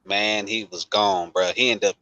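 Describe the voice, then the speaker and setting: Bright-voiced storytelling man from Long Beach. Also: lowish voice, moderate pace, dry recording, rough recording. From Long Beach, California. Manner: animated, emphatic repetition. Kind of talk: casual storytelling chat.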